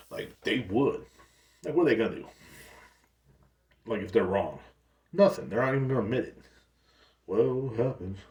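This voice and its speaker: A low-voiced man sits far from the mic in an echoey room, hosting a solo podcast. His casual rant is profane and rambling, with frequent restarts.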